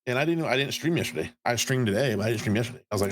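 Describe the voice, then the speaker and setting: A man's voice: mid-range voice, lively intonation, rapid-fire, a little hiss or hum. A man in his thirties on a podcast, telling a story in a profane, heated way. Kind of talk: casual podcast chat.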